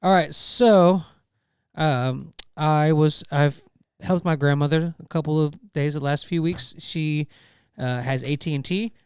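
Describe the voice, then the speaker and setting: A podcast co-host tells stories in a loose, meandering way, full of "um" and "like" and self-corrections. His voice is a little high and very smooth, and it is recorded close and dry. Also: a little slow, a little mellow, dry recording. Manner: rambling storyteller, frequent fillers and restarts. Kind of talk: casual chat.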